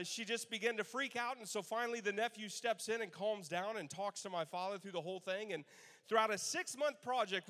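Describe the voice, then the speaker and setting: A man in his thirties, a pastor telling Father's Day stories in a sermon, animated and laughing as he acts out quotes. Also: high-pitched. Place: church sanctuary. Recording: long church hall reverb.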